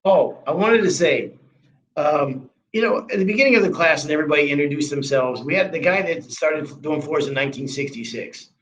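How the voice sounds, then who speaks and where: A man's voice: a little high, a little fast, fairly bright tone, poor audio. A man, a flooring trainer, chatting casually and rambling a bit with restarts. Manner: rambling, many restarts and fillers. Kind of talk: casual chat.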